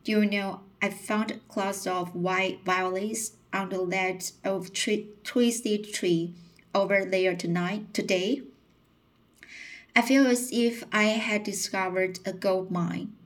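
A woman reading the part of an earnest, emotional young woman in a storybook, in a slow, halting way with restarts. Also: medium pitch, fairly even intonation, close to an everyday voice. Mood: pleading.

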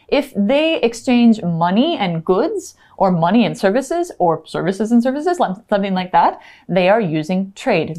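A woman's voice: fairly high pitch, a little mellow. A woman co-hosting an English lesson, explaining words with casual everyday examples. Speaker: English teacher co-host.

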